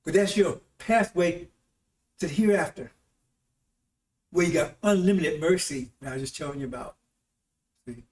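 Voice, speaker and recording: A man with a somewhat high, slightly mellow voice rambles through a casual sermon on a broadcast he hosts, often checking in with listeners through tag questions like "See?" and "Right?". The recording sounds roomy and echoey, with the mic set well back from him.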